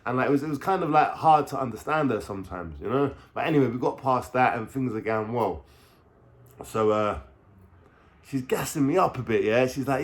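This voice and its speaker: A man in his thirties with a London accent tells a story straight to his viewers, slangy and full of swearing, checking in with them as he goes. His voice sits at an ordinary pitch for a man. It often sinks low and quiet, then jumps back up loud and animated. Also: fairly quick. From England. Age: 30s. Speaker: vlogger. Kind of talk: casual storytime monologue.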